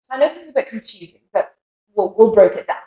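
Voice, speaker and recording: A woman's voice: fairly high pitch, expressive, fast, mellow, echoey room, highs cut off. A young British woman teaching English pronunciation, patiently modelling words and inviting listeners to repeat them. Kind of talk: pronunciation lesson.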